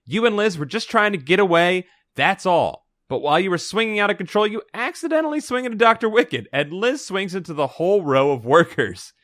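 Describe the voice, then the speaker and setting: A man hosting, reading a gamebook aloud to friends in an animated, jokey way and acting out the quotes. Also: high voice, fairly quick, few pauses, dry recording, clean studio sound.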